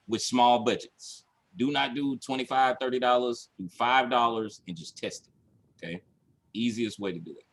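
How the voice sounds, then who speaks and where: A man coaching his viewers in a casual livestream, emphatic and repetitive, acting out his own panic with shouts and laughs. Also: mid-range voice. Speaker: online business coach.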